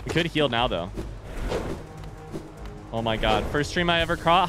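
A young man commentates his own game stream, his fairly high voice leaping around as he yelps, curses and panics. Between fights he greets viewers and reads their messages aloud. Game music plays clearly underneath. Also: a little slow, long pauses. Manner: excitable, swears and yelps when hit, reads chat aloud. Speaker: streamer playing a video game.

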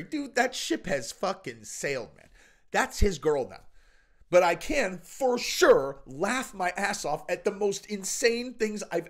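Animated, swearing male commentary host. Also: high-pitched, brisk. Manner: animated, profane, rambling with frequent asides. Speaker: channel host. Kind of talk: casual commentary monologue.

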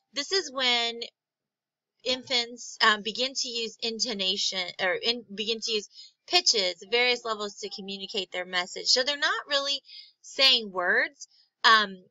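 A woman lecturing on psychology in a recorded class, filling pauses with many ums and restarting words. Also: fairly high pitch, sharp tone, no echo, muffled recording. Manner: frequent ums, halting restarts. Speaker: psychology instructor.

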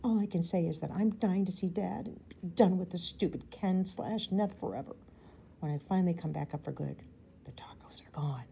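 A woman teacher reading a children's novel aloud to her class, expressive and giving the characters their own voices. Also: on the low side, normal speed, creaky, a little hiss or hum, poor audio. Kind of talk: storybook read-aloud.

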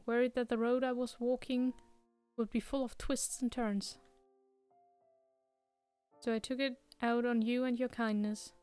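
A woman's voice: a little high, darkish tone, smooth, no room sound, natural voice. A woman reading out the lines of a remorseful young woman in a story game, in her own plain voice. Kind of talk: reading game dialogue aloud.

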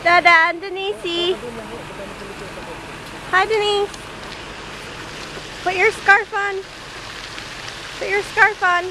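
A woman's voice: extremely high pitch, fairly even intonation, takes it slowly, long pauses. A woman filming her young child outdoors by a pond, coaxing and encouraging in a sing-song way on a handheld camcorder. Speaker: mother filming her toddler. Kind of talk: home video chatter. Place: outdoors by a pond in cold weather. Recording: noisy outdoor home video, traffic nearby.

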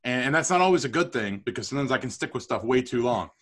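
Bright, chatty male storyteller. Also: medium pitch, fast talker. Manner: chatty, animated, self-deprecating humor. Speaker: podcast guest, entrepreneur. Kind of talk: storytelling interview.

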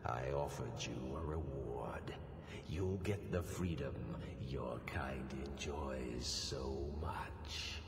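An actor playing a menacing male demon god of domination in a video game, with a deep gravelly rumble and a slow, commanding delivery that drops into whispers. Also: full character voice. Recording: echoey with a long hall reverb.

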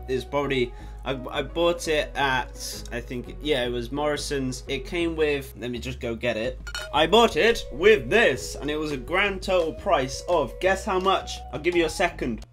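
Rambling young British guy vlogging. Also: medium pitch. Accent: British English. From Britain. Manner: rambling, excitable, swears casually. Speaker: YouTuber. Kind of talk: casual vlog chat to camera. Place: home room at night.

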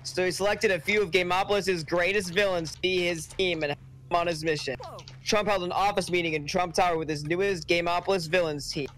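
A man's voice: high voice, fairly even intonation, a little fast, fairly bright tone. A young man reading fan fiction aloud to friends on a voice call, breaking off with joking asides. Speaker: reader.

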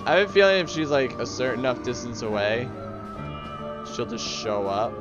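The recording is lo-fi, with loud game music behind a man whose voice sits mid-range at a normal pace. He's a gaming video host, casual and excitable, cracking jokes and addressing the enemies while he plays.

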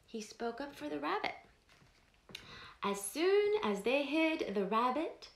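A woman slowly reading a picture book aloud to young children, pausing to ask them questions. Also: high voice, sing-song, creaky. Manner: slow, gentle, asks the children questions. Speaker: storyteller host.

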